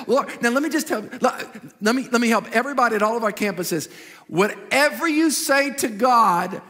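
A man preaching a sermon as pastor, animated and repetitive, acting out little quotes as he goes. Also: extremely high pitch, gravelly. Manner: animated preaching, repeats phrases, acts out quotes. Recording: reverberant hall.

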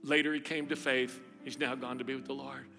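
A middle-aged man preaching a sermon as pastor, telling stories with lively emphasis and repeating phrases. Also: medium pitch, fairly quick. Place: church hall. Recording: reverberant hall, faint music.

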